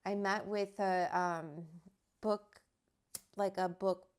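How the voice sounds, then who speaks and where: A chatty woman hosts a casual livestream from home with her dog beside her, reading viewer comments aloud. Her mid-range voice is steady and she speaks slowly.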